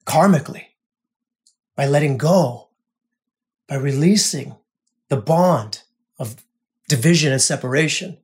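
A man hosting a spiritual podcast, talking earnestly in a monologue, repeating phrases and often dropping to a soft hush. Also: a little high, unhurried, long pauses. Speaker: podcast host.

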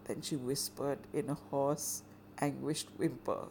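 A woman telling a story dramatically and with measured delivery. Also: a bass voice, fairly even intonation, gravelly, dark tone, slight background noise. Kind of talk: oral storytelling performance.

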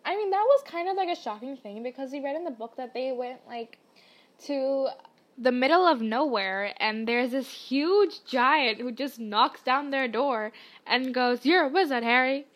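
A woman's voice: high-pitched, lively intonation, unhurried, fairly bright tone. A woman hosting a podcast, chatting casually and reacting to memes, peppering her talk with "like". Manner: chatty, frequent "like" fillers. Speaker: podcast host.

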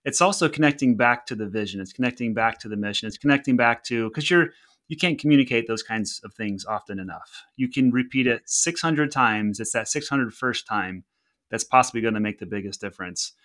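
A man in the host's chair of an interview podcast speaks at a middle pitch. He responds thoughtfully and links his guest's points back to a bigger idea. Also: a little fast, fairly bright tone. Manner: reflective, building on the guest's points. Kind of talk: casual interview talk.

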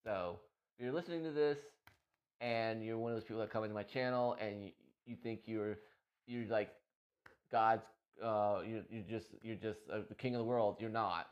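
A man's voice: fairly low pitch, normal speed, highs cut off. A man talking about his day as a streamer in a casual, emotional, rambling monologue full of restarts. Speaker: streamer and podcast host.

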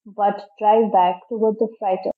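A woman voicing a calm teenage boy detective who gives steady directions, on a dull lo-fi recording. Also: medium pitch, a little slow, natural voice. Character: calm teenage boy sleuth, older brother.

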